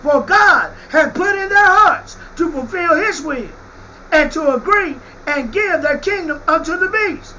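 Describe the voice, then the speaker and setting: A man preaching a fiery sermon. He shouts out scripture and drops into slangy asides. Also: very high-pitched, expressive, unhurried, dull audio, slight background noise.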